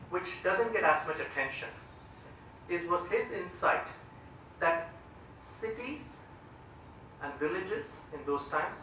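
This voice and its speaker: A man's voice: fairly high pitch, pushed and bright, a little hiss or hum. A man giving a public lecture on economics, explaining step by step and often asking "right?". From India. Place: large lecture hall, standing before an audience. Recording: very echoey hall from far off.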